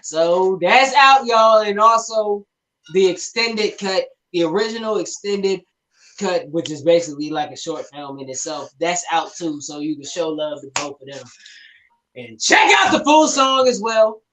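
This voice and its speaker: A man co-hosting a casual livestream over a video call, playful and teasing. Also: moderate pace. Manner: playful, teasing, bursts into loud high shouting. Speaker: guest co-host.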